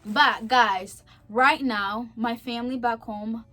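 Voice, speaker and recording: A young woman giving an earnest personal faith testimony, heartfelt and emotional, talking in a chatty way with many fillers and swinging from soft to emphatic. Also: on the high side, steady tone, slow pace, soft background music. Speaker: vlogger sharing a faith testimony.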